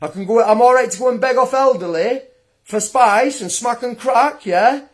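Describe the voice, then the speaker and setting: A high-voiced young man rants furiously on a livestream at normal speed, jeering at his critic in a scornful, combative tone and laughing as he goes.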